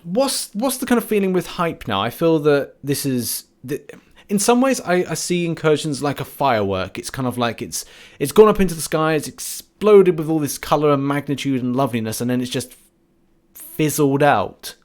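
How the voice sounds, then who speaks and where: A man's voice: a little high, lively intonation, normal speed. A man hosting a casual gaming podcast, rambling and laughing often as he talks. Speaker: podcast host.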